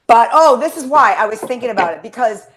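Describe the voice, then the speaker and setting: A woman's voice: a little high, animated, fast talker, a bit bright. A woman hosting a casual podcast chat, rambling through stories, swearing freely and getting emotional. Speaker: podcast host.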